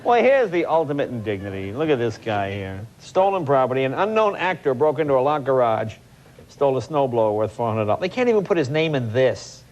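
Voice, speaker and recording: Reading peculiar clippings aloud for his comic monologue, a late-night host in his forties speaks in a medium-pitched, sing-song voice, a little fast. He peppers the reading with wry, mock-incredulous asides, while the television studio's live audience laughs loudly over slight background noise.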